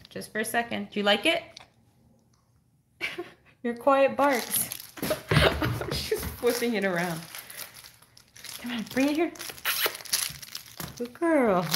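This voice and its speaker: A woman's voice: mid-range voice, a bit bright, slight background noise. A woman hosting a live stream, talking playfully to her dog in baby-talk and laughing often while answering viewers. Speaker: dog channel host.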